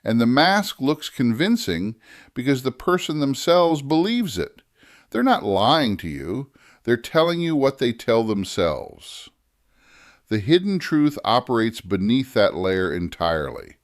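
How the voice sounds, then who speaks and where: A man narrating a scripted writing lesson, deliberate and measured, slowing down to stress key phrases. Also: mid-range voice, very animated, dry recording, clean studio sound. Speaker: writing teacher.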